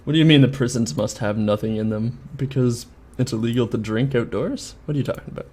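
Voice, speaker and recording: Fast and a little mellow in a mid-range voice, a man from Canada streams himself building game models. He talks casually to himself, thinking out loud and chatting now and then.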